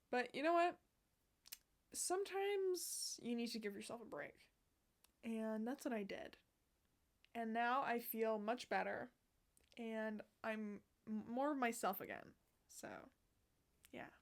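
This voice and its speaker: A young woman chatting casually to camera as a vlogger, bubbly and swearing a lot, with bursts of loud laughter and whispered asides. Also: fairly high pitch, lively intonation, a little slow.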